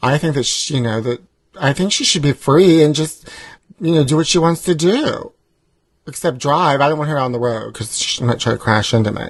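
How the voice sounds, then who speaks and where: A man's voice: on the high side, normal speed, no room sound. Theatrical campy man, dry close sound. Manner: flamboyant and theatrical, fond of saying "honey". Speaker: co-host. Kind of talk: campy comedic banter.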